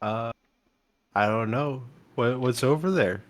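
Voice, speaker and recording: A man's voice: mid-range voice, slow pace. A man playing a tabletop game, joking and a bit hesitant. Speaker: player. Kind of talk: casual tabletop play.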